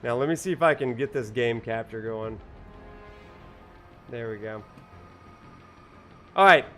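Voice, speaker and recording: A man's voice: medium pitch, a little slow, bright, forceful tone, soft background music. A man, a university professor, lecturing casually while playing a video game, rambling with many fillers and joking about technical trouble. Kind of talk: casual lecture over gameplay.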